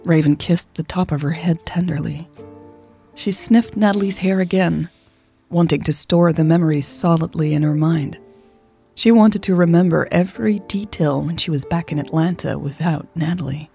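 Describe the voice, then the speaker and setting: A woman narrating a serialized romance story in a soft, unhurried reading voice. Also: sits low, vocal fry, faint music behind. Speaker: podcast storyteller.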